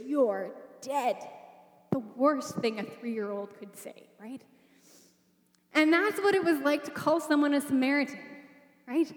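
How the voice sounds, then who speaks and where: A woman with a high voice preaches a sermon, telling the story in a relaxed, conversational way. She keeps pulling in her listeners with rhetorical questions. Her voice rings through a large hall with a long reverb. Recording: echoey hall.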